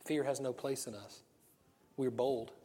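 A man preaching a sermon in a relaxed, conversational way. He tells stories, asks his listeners rhetorical questions and laughs often. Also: mid-range voice, a little slow, breathy edge.

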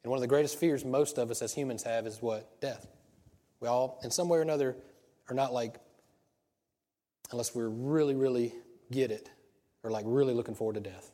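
A man's voice: mid-range voice, fairly quick, pauses often, warm tone, big-room sound. A pastor preaching a sermon in a conversational way, asking rhetorical questions and restarting his sentences.

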